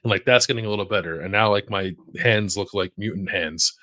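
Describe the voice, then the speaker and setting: A man's voice: on the low side, a little fast, dry recording. A man in his thirties co-hosting a podcast, who is sick with a sore throat and talks hesitantly, with many fillers and phrases that trail off. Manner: hesitant, lots of likes and ums, trailing off quietly. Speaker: podcast co-host. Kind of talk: casual chat.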